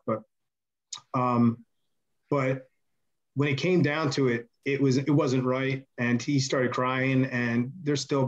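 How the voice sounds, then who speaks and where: A man telling backstage stories as a podcast guest, rambling and animated, loudly acting out the voices of the people he quotes. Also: mid-range voice, dull audio. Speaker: podcast guest, former wrestler. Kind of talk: casual storytelling interview.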